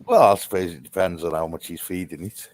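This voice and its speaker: A man's voice: deep voice, fairly quick, a little mellow. A man in a casual online group chat, telling a story animatedly and swearing.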